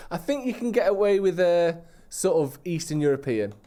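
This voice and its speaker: A man trading casual podcast banter, fond of teasing and quick to laugh. His voice sits a little high and swings widely in pitch, full of animation. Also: expressive, mellow. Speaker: podcast co-host.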